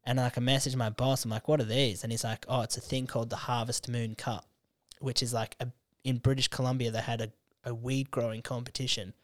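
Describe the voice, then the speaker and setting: A young Australian man, a comedian guest, telling stories in casual podcast chat, swearing freely and slipping into quick character voices. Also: medium pitch, little pitch movement, dry recording, studio quality.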